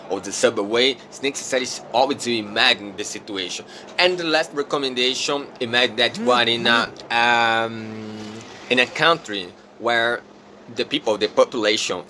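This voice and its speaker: Bright-voiced man teaching phrases. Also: medium pitch, slight background noise. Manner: repeats example phrases slowly and deliberately. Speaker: English teacher. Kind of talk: casual video lesson.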